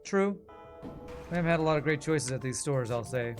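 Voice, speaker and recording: A man's voice: on the high side, lively intonation, moderate pace. A man streaming a game, chatting casually and sarcastically with his viewers while he plays. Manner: sarcastic, joking, talks to chat. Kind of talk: casual gameplay commentary with chat. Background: game music.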